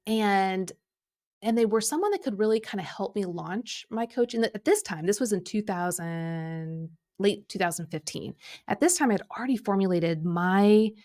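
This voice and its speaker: A middle-aged woman hosting a coaching podcast, telling a personal story in an animated way, often acting out what people said. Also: mid-range voice, moderate pace. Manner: animated, acts out quoted speech, filler-heavy. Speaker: podcast host and Enneagram coach.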